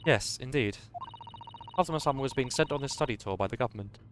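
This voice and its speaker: A man's voice: mid-range voice, fast talker, a bit bright, slight background noise, lightly acted. A man voicing a polite, proper young woman assistant who speaks courteously, reading game dialogue aloud. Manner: courteous, formal speech.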